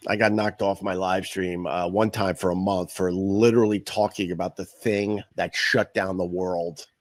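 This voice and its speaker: A middle-aged man from Long Island hosts a livestream, rambling bluntly and swearing freely in a deep, low voice. The sound is dry and close, with no room around it. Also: steady tone, moderate pace, dry recording. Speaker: podcast host. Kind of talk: casual livestream chat.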